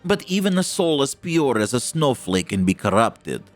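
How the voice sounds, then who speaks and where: A man's voice: mid-range voice, big pitch swings, normal speed, soft background music, lightly acted. A man voicing a cold young woman sorceress who rules a demon realm.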